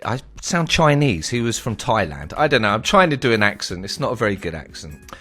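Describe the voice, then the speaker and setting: A man's voice: mid-range voice, a little fast, soft background music. A man telling a casual, slangy story from his travels on his vlog. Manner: animated, slangy, swearing storyteller.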